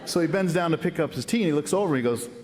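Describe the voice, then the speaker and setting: A man's voice: fairly high pitch, animated, rapid-fire, background noise. A middle-aged man giving an earnest, folksy acceptance speech as a hall of fame inductee, telling anecdotes at a lectern microphone. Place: large ceremony hall. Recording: long reverb of a big hall.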